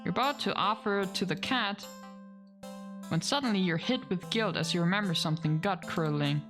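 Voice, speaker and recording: A woman streams a game in let's play style, reading its narration aloud and reacting with laughs and casual swearing. Her medium-pitched voice is a bit bright and moves at a normal speed, with soft music in the background.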